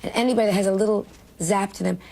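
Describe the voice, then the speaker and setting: Gravelly, husky older woman comedian. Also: mid-range voice, steady tone, rapid-fire, mellow. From New York. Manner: brash, self-mocking, emotional, laughs often. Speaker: comedian interviewee. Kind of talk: candid interview storytelling.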